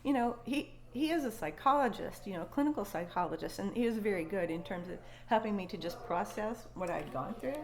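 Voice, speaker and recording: A woman's voice: medium pitch, lively intonation, brisk, hardly any pauses, a little mellow. A woman at a conference telling an eerie first-person story with emotion, repeating and restarting words and acting out her own thoughts. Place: conference venue.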